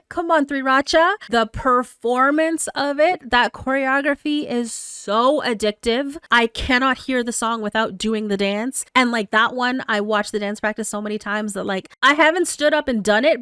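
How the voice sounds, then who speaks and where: A woman hosting a music reaction channel. She talks in casual commentary, gushing and excitable, swearing casually and swinging between hushed murmurs and loud bursts. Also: a little high, clean tone, no room sound, studio quality.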